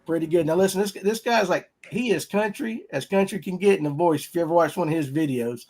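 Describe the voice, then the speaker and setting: A man hosts a casual fishing podcast. His voice sits a little high, and he talks in a folksy, rambling, upbeat way. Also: fast talker, a little mellow. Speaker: podcast host.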